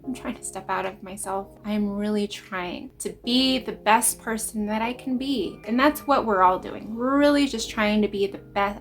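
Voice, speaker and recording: A woman's voice: mid-range voice, normal speed, few pauses, faint music behind. A woman in her thirties, a mother, speaking earnestly and reflectively in a personal spiritual vlog. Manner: earnest, reflective, emotional at times. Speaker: vlogger, parent.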